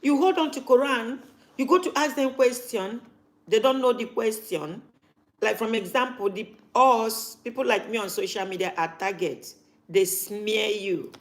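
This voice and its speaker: A woman's voice: on the high side, unhurried. A woman, talking casually to camera as a vlogger and repeating her points for emphasis.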